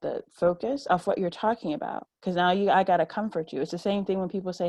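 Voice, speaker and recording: A woman with a low voice speaks earnestly as a panelist in a roundtable held over a video call, acting out the voices she quotes. The sound is close and dry, with no room around it. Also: fairly quick, a little mellow, no echo, rough recording.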